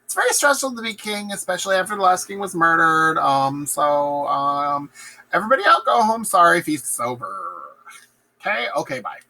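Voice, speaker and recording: A man's voice: fairly high pitch, lively intonation, sharp tone, heavily acted, low-quality recording. A man voicing a flustered queen who hurries guests out and apologizes for her husband. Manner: fake laughing, hurried and apologetic.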